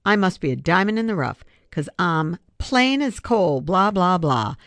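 A confident, sharp-tongued schoolgirl, as a woman reading aloud puts her on. She talks with sass and lively swings of pitch. The sound is close and dry. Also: a little slow, dry recording, full character voice. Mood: sassy. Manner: sassy, confident. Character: bold, sharp-tongued schoolgirl who likes the last word.

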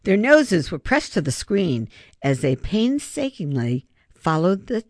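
An audiobook reader giving expressive scripted narration. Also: mid-range voice, measured pace, no room sound, clean studio sound. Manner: expressive storytelling.

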